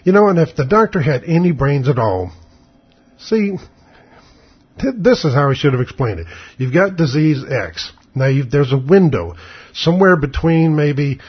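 Older man, husky voice, blunt and sarcastic, rambling storyteller, dull lo-fi recording. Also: fairly high pitch, lively intonation, moderate pace. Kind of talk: casual spoken monologue.

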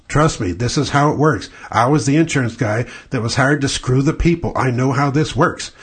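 A male stand-up comedian, ranting bluntly and profanely in a husky voice. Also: mid-range voice, brisk, few pauses.

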